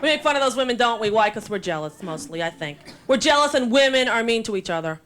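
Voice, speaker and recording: A woman's voice: on the high side, expressive, fast talker, slight background noise. Brash New York woman doing stand-up. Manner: brash, self-mocking. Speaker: stand-up comedian. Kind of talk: stand-up comedy. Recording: live club with loud crowd laughter.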